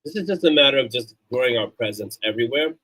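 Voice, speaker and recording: A man of middle pitch hosts a loose, off-the-cuff live stream. He talks in an easygoing, chatty way and keeps a friendly, promotional tone as he points viewers to links and thanks patrons. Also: animated, quick pace, sharp tone, low-quality recording. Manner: chatty and upbeat, plugging links and thanking supporters; loose and off-the-cuff, with fillers and restarts. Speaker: livestream host. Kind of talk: casual live-stream chat.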